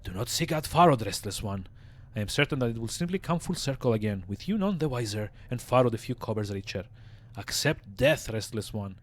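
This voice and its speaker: A man voicing Dahl, a raspy ancient scribe. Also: medium pitch, lively intonation, close to an everyday voice. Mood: warning. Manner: slow solemn speech broken by coughing rasp. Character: frail ancient male mortuary scribe, grave and weary. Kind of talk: reading game dialogue aloud in character.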